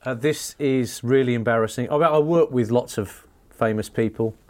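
A man's voice: medium pitch, normal speed, a little mellow. Chatty male radio presenter. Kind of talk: casual anecdote.

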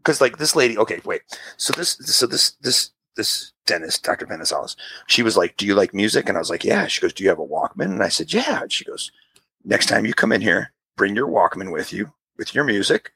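A man in his fifties tells a long personal story in casual chat, his voice brisk, gravelly and husky on a dry recording. He's an animated storyteller who acts out the people involved, jumping to a high pitch for quoted voices.

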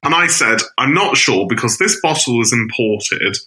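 Guy cohosting a chatty podcast, super bright voice, bouncy and teasing. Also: medium pitch, moderate pace. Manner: animated, teasing. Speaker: podcast co-host. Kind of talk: casual chat.

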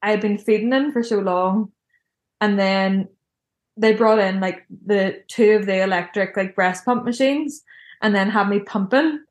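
A woman's voice: mid-range voice, a little slow, roomy sound. A young woman telling a personal story in a casual, chatty way, filling her speech with "like". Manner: chatty, heavy use of "like" fillers.

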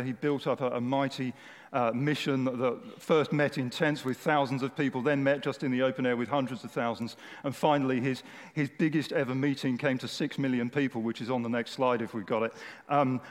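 A man preaching a sermon to a large congregation in a conversational, humorous way. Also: medium pitch. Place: church hall with a large audience. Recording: echoey hall.

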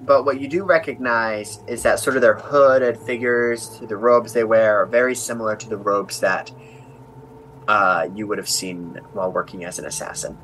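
A man narrating as game master of a tabletop game, describing scenes in a halting way with many fillers. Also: fairly low pitch, steady tone, fairly bright tone, slight background noise, poor audio.

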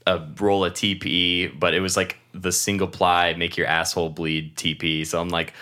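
A man's voice: low-pitched, flat delivery, moderate pace, hardly any pauses, sharp tone. A young man from Washington state, co-hosting a podcast in casual chat, rambling through stories, laughing often and swearing freely. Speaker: podcast co-host.

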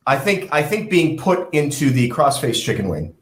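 A man's voice: fairly high pitch, sing-song, moderate pace. Sarcastic male co-host in an echoey room. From Italian heritage. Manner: sarcastic, dry jabs. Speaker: podcast co-host. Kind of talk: joking podcast banter.

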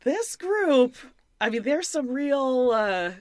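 A woman's voice: sits high, sing-song, slow pace, a little mellow, no echo. A woman co-hosting a casual podcast, keen and running the segments, steering the chat down the list. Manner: enthusiastic, runs the show's segments. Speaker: podcast co-host.

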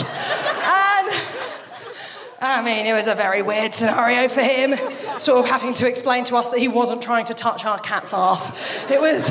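A young adult woman doing live stand-up, telling stories quickly and animatedly with swearing and asides. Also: fairly high pitch, big-room sound. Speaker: stand-up comedian.

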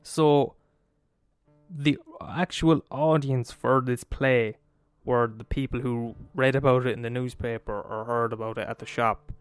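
A man with an Irish accent telling a story in a casual, animated way, swearing freely and checking in with the listener. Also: mid-range voice, unhurried, clear, resonant tone, dry recording, soft background music. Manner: animated, swears a lot, asks the listener "right?".

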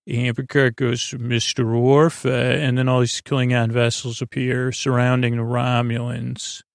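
Gravelly man casually recapping, flat delivery. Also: medium pitch, no room sound, studio quality. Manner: loose, halting, many fillers, quotes characters in plain voice. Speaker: podcast host recapping an episode.

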